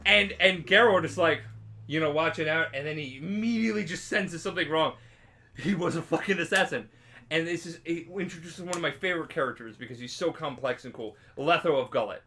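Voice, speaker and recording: A tipsy young man retells a story in a casual, profane ramble. His voice is bright and forceful and sits a bit high. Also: fairly quick, slight background noise. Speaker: podcast co-host.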